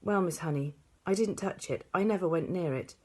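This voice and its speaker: A woman's voice: lowish voice, moderate pace, mellow, slightly rough. A woman voicing a small, clever schoolgirl who speaks earnestly and eagerly in a storybook reading.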